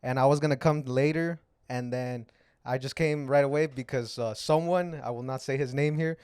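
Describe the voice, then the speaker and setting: A man's voice: medium pitch, moderate pace, darkish tone, smooth, no room sound, clean studio sound. A young man chatting as a podcast guest, laid-back and short-spoken. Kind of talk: casual chat.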